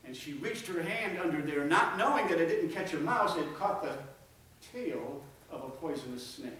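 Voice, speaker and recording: A man preaching a sermon, telling a folksy story and dropping to a hush for emphasis. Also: fairly high pitch, lively intonation, normal speed. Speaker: pastor. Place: church sanctuary. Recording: echoey church from far off.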